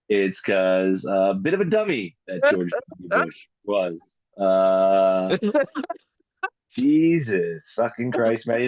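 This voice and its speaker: A low-voiced man trades casual podcast banter, swearing freely and mocking his co-host's jokes. His delivery is sarcastic and teasing. The sound is dry and close. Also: no echo, lo-fi sound. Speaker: podcast co-host.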